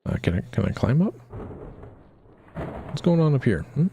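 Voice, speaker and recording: A male streamer chatting casually over a game, with a lively, bouncing pitch. He jokes crudely and often trails off in the middle of a thought. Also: normal speed, vocal fry, phone-quality sound, slight background noise. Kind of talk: casual gaming commentary.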